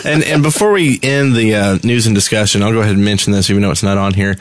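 A man co-hosting a casual gaming podcast, relaxed and moving the talk between segments. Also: fairly low pitch, fast. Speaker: podcast co-host.

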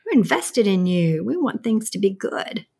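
A woman's voice: mid-range voice, very animated, normal speed, gravelly, warm tone, slightly rough. A woman, the host's mother, chatting affectionately and supportively. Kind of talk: casual chat.

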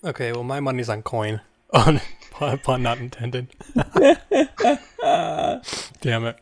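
A man's voice: medium pitch, fairly even intonation, takes it slowly. A man casually chatting on a podcast as co-host, with dry jokes.

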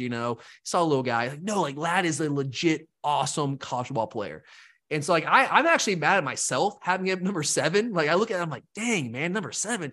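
A man co-hosting a sports podcast, talking fast and rambling, with lively asides. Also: a little high. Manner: animated, rambling, mimics fans in quotes. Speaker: podcast co-host. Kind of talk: casual sports talk.

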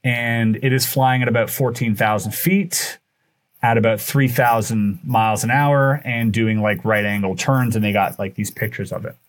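A man's voice: mid-range voice, moderate pace. Man telling a story animatedly. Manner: animated, acts out quoted dialogue; loose, with fillers and restarts. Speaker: podcast guest. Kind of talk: casual storytelling.

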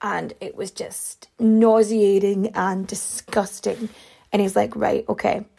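A woman's voice: mid-range voice, flat delivery, takes it slowly, creaky, dark tone. A woman casually telling a true crime story, rambling with fillers and side remarks. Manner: chatty, rambling, lots of fillers and asides.

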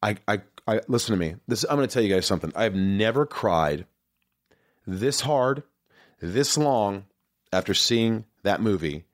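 A man's voice: fairly low pitch, animated, a little slow, no room sound, clean studio sound. A man in his forties, a podcast host, talking earnestly and emphatically in a rambling, confessional way. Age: 40s. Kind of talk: casual confessional talk.

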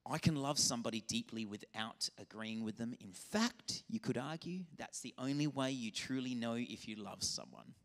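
A man, a pastor, preaching a lively, conversational sermon. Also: medium pitch, moderate pace, hardly any pauses. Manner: animated, conversational preaching with acted-out dialogue. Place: church auditorium.

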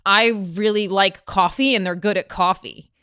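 A woman's voice: medium pitch, steady tone, moderate pace, sharp tone, clean tone. A woman hosts a sports interview, moving the talk along with friendly, direct questions. Her voice sits in a middle range. The sound is dry and close, with no room echo. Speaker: sports podcast host. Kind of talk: casual interview.

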